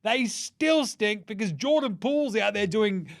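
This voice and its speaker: Australian man, high-pitched, very lively delivery, mocking comedic sports rant. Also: vocal fry. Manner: animated, mocking, quick jokey asides. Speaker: basketball commentator.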